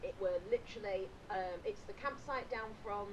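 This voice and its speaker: A woman's voice: mid-range voice, normal speed, slight background noise. A woman with a Yorkshire accent, co-hosting a casual podcast and telling stories with lots of swearing. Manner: animated storytelling, heavy swearing. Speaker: podcast co-host. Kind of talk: unscripted casual chat. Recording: dull lo-fi podcast audio.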